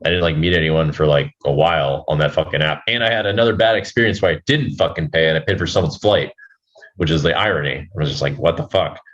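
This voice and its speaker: A man telling a personal story as a podcast guest, halting and rambling, swearing freely. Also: a bass voice, fairly bright tone, highs cut off. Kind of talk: casual storytelling.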